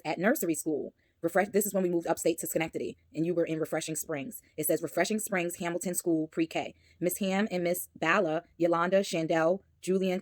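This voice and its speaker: A woman's voice: on the low side, a little mellow, no echo, clean studio sound. A woman, casually reading aloud from her son's baby book and reminiscing, chatty and laughing often. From Brooklyn, New York.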